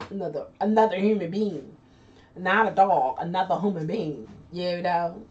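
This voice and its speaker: A woman's voice: lowish voice, unhurried, a little mellow. Chatty woman on a distant lo-fi mic. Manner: chatty, laughs often, trailing restarts. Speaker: host. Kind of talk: casual chat reading viewer comments. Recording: distant lo-fi mic with faint noise.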